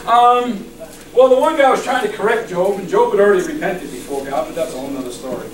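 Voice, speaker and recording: A man's voice: high voice, lively intonation, fast talker, background noise. A man preaching a sermon with fervent conviction, often breaking into laughter between phrases. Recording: echoey room, mic far off.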